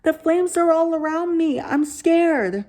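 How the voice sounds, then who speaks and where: A woman's voice: slow, warm tone. A woman voicing an immature, mocking teenage boy who jokes about everything. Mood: mock wailing. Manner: taunting, shrill mock-crying in a high voice.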